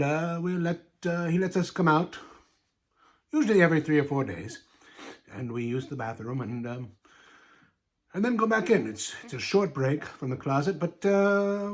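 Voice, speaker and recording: Brief: male comic storyteller, deadpan and rambling, slightly high, animated delivery. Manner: rambling, mock-earnest, many asides.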